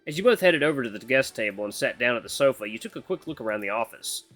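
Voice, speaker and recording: A man reading a visual novel aloud with playful, animated asides. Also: medium pitch, quick pace, hardly any pauses, dry recording, faint music behind.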